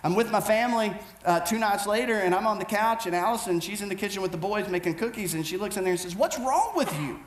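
High-voiced pastor in an echoey hall. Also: male voice. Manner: animated and self-mocking, with many quick restarts. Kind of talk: storytelling sermon. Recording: echoey room with faint background noise.

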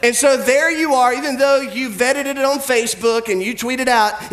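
Relaxed and conversational, this sermon comes from a pastor whose voice sits fairly high for a man. Humorous and direct, he does quick impressions of characters in his stories, all in a reverberant space.

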